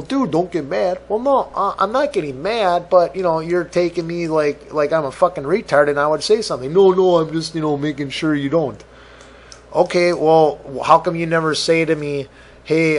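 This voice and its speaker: A man hosting a podcast, ranting profanely and exasperated, acting out both sides of imagined conversations. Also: fairly high pitch. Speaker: podcast host. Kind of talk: solo rant podcast.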